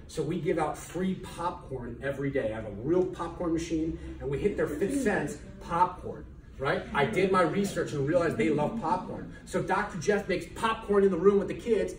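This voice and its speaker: A middle-aged man, a chiropractor, giving an emphatic motivational lecture to business students, repeating key words and firing rhetorical questions. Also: a little high. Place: lecture hall at a college. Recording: echoey hall from far off, faint noise.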